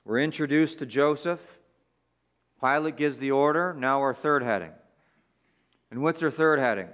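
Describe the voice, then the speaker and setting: A man's voice: mid-range voice, expressive, a little fast, a bit bright. A man preaching an expository sermon, reading scripture aloud with stressed words and repeating his key phrases for emphasis.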